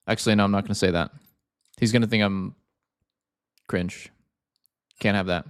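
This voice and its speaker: A man's voice: lowish voice, steady tone, normal speed, pauses often, smooth, dry recording. Rambling, foul-mouthed man chatting casually. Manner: rambling and profane, heavy use of "like". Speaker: game streamer. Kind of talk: casual chat to viewers.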